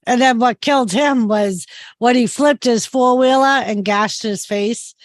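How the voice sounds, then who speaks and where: A woman's voice: on the high side, unhurried, dry recording. A woman chatting casually, telling a brash, sweary story built to a punchline.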